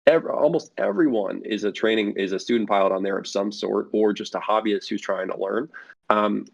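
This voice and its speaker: A man appears as a guest for a flight sim network on a casual podcast interview, rambling with lots of fillers and restarts. He speaks at a normal speed in a lowish voice with vocal fry, and the audio is dull and lo-fi.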